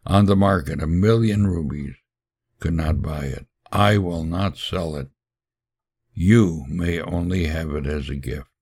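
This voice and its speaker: A man's voice: low-pitched, measured pace, vocal fry, darkish tone, slightly rough, heavily acted. A man voicing an old male pearl diver, proud and devoted, in a solemn storybook telling. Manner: solemn, earnest pleading.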